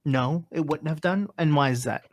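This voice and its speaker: A man voicing a smooth-talking male villain leader, speaking with silky, condescending menace in a tabletop game. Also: on the high side, moderate pace, natural voice. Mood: scornful. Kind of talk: in-character tabletop role-play.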